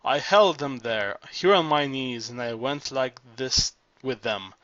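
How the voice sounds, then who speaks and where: A man reading the part of an old cabaret singer who loves her own legend, boasting with theatrical self-pity. The voice is bright and a little pressed, and the recording is dull and dry. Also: medium pitch, expressive, measured pace, no echo. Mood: boastful. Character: aging former cabaret singer, vain, flirtatious, self-pitying woman.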